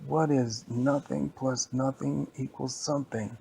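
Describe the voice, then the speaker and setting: Man voicing a stern, slow-talking teacher for a told story; gravelly, unhurried. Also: mid-range voice, steady tone, dark tone, a little hiss or hum, voice pushed up. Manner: slow, deliberate drawl.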